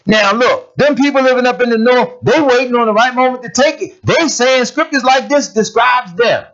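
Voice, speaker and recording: The preacher's voice is very high-pitched and fairly bright, at a moderate pace, on a dull lo-fi recording. He pushes his points with plain-spoken, casual wording and pointed, emphatic rhetorical questions.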